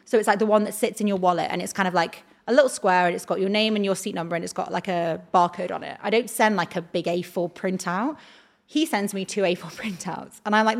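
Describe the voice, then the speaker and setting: A young woman, a talent agent, telling a story as a podcast guest. She acts out the quoted dialogue and says "like" a lot. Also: mid-range voice. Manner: animated retelling, acts out quoted dialogue, heavy use of "like". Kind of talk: casual storytelling chat.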